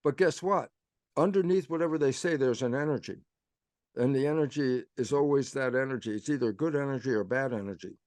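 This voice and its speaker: A man's voice: mid-range voice, fairly quick, a little mellow, no echo. A man giving an explanatory talk as a guest speaker. He tells it as a story, acts out quoted dialogue with "I say" and "I go", and pushes his points with rhetorical questions. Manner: frequent self-quoting with "I say" and "I go".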